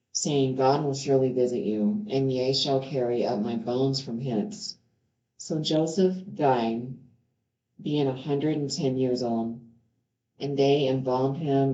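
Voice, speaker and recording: A woman's voice: very deep voice, warm tone. A woman reading scripture aloud and stopping now and then to add earnest, heartfelt comments of her own. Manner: earnest, stops to react with heartfelt remarks. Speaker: Bible reader. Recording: roomy, slightly dull home recording.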